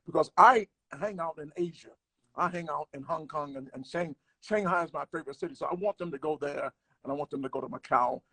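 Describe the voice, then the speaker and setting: A man's voice: on the high side, a little fast, sharp tone, slightly rough, dry recording. An older man, a comedian, telling a travel story in casual conversation, acting out the people he quotes. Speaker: guest comedian.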